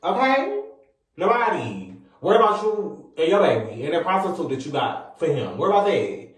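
A man's voice: on the high side, very animated, normal speed, distant mic. Sassy man ranting in an echoey room. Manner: sassy, scolding, rhetorical questions, repeats phrases. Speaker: vlogger. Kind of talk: ranting commentary to camera. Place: room with a ring light and mirror.

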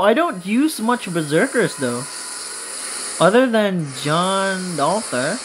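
A woman's voice: mid-range voice, big pitch swings, takes it slowly, over music, poor audio. A woman hosting a gaming video, giving casual commentary on her game pulls in an anxious, pleading, dramatic way.

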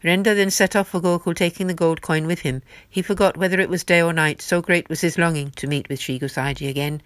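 A woman reading devotional stories aloud in a slow, careful manner. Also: on the low side, steady tone, no room sound. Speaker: devotional story reader.

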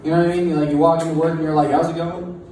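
Rambling stand-up comic in an echoey bar. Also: male voice, a little high, level tone, warm tone. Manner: rambling, halting, self-deprecating. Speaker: stand-up comedian. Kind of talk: stand-up set. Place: bar taproom stage. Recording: echoey distant room mic with crowd noise.

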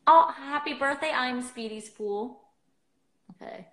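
Young woman, phone livestream host, chatty and bubbly, slightly high and bright, in a roomy echo. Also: measured pace. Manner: bubbly, chatty, lots of filler words. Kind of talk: casual chat.

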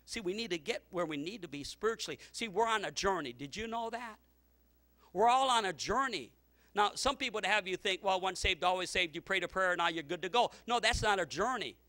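A pastor preaching a sermon, telling stories with many repeats and restarts, and climbing to loud shouted lines. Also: male voice, high voice, a little fast. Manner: storytelling preacher, repeats words, rising to shouts.

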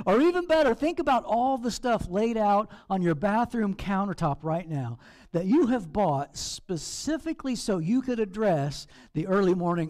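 A man, a pastor, preaching a sermon in an animated, playful way with acted asides. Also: high voice, a little slow. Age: over 40.

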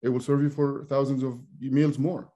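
A man's voice: mid-range voice, level tone, normal speed, mellow. A man hosting an interview as a dentist, giving supportive replies and sharing his own patient story. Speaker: dentist and podcast host. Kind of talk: conversational interview.

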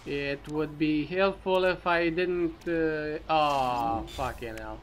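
Gamer guy, slightly high voice, unhurried, swears a lot and mutters at the screen over clear background noise. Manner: profane, muttering, talks to himself. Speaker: let's play commentator. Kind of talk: casual gameplay commentary.

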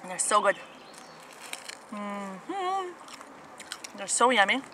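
With a sing-song, mid-range voice and a slow pace, this woman hosts a relaxed family eating show. Seated on the ground outdoors at a festival, she talks enthusiastically between mouthfuls, saying mm-hmm a lot, while faint festival sounds carry in the background.

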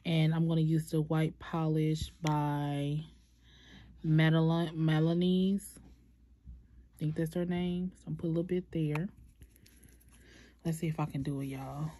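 A young woman chatting through a nail tutorial, talking to viewers as "y'all" in a relaxed, chatty way. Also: sits low, measured pace, long pauses. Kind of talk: casual tutorial chat.

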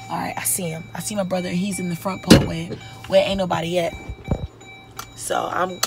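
A woman's voice: on the low side, creaky. A tipsy young woman in her twenties from Baltimore, ranting and cursing while she vlogs from a parked car. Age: 20s. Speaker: vlogger. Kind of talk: casual vlog chat. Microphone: handheld camera.

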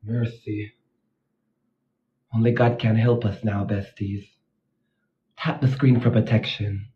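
A man's voice: lowish voice, level tone, a little slow, a little hiss or hum. A man hosting a casual live stream from a dim room at home at night, talking dramatically and nervously and gushing at his viewers through a phone propped against a mirror. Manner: dramatic, jittery, gushes at viewers. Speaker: livestream host. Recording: echoey, dull lo-fi phone audio.

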